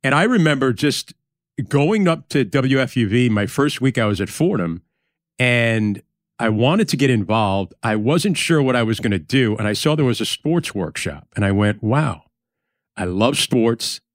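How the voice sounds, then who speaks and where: Man from Yonkers, New York; podcast host, reminiscing storyteller, medium pitch, dry close sound. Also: expressive, normal speed, dry recording. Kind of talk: podcast conversation.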